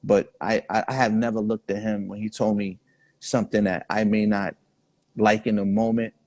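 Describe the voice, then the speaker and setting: A man's voice: fairly low pitch, flat delivery, normal speed, darkish tone, dry recording. A man, the guest in a casual interview, telling laid-back stories full of quoted dialogue. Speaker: guest artist.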